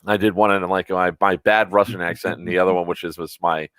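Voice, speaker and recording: A man from Florida with a lowish voice, talking casually on a podcast. He teases and jokes, and he rambles with plenty of fillers. The sound is dry and close. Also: flat delivery, fast talker, fairly bright tone, no echo. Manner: joking, teasing, rambling with fillers. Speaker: podcast co-host. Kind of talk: casual chat.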